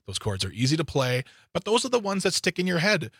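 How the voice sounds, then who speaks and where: A man hosting a radio show, chatting casually and playfully with a co-host, with lively swings in pitch. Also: fast talker, breathy edge, no room sound, clean studio sound. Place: radio studio. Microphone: studio microphone.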